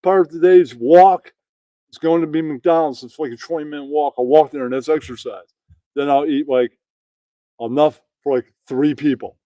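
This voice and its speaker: A man's voice: on the high side, normal speed, mellow, no room sound, close to an everyday voice, poor audio. Man doing a smug, drawling stoner braggart for a comedy riff. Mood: lazy. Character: lazy, stoned, self-satisfied man bragging.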